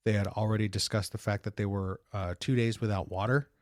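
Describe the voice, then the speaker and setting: A man's voice: lowish voice, steady tone, dry recording, clean studio sound. A man co-hosting a podcast, chatting casually, hesitant with restarts as he steers the topic. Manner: halting, many fillers and restarts, leads topics. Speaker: podcast co-host.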